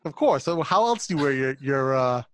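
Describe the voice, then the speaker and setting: A man's voice: medium pitch, expressive, fairly quick, fairly bright tone. A man co-hosting a podcast in casual chat, easygoing and a bit hesitant, often laughing along. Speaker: podcast co-host.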